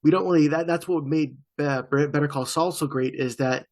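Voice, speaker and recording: A man co-hosting a podcast, relaxed and joking in casual chat over a video call. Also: on the high side, fairly quick. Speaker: podcast co-host.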